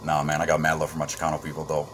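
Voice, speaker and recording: A man from Arizona telling a profane comic story in a casual vlog, jumping from loud bursts to hushed asides. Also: very deep voice, completely flat delivery, very fast, a little hiss or hum. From Arizona, USA. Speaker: comedic storyteller.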